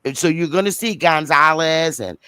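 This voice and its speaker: A man arguing hard in a casual livestream debate, slangy and insistent, hammering his points with repetition. His voice sits a bit high and comes through smooth and clean, in a dry, close recording. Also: moderate pace, sharp tone, no room sound. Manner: emphatic, repeats himself, slangy. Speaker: livestream host. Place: home studio.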